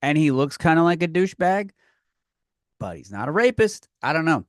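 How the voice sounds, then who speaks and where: A man's voice: fairly high pitch, very animated, normal speed, dry recording, clean studio sound. A man hosting a comedy podcast, ranting with lots of profanity and stumbling restarts, recorded on his own podcast microphone. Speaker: podcast host. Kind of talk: comedic rant.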